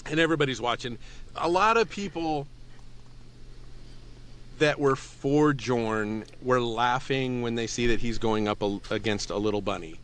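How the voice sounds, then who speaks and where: A man's voice: medium pitch, moderate pace, clean tone. A man narrating as game master of a tabletop game, laughing often and telling the action with lots of energy. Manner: laughing, animated storytelling.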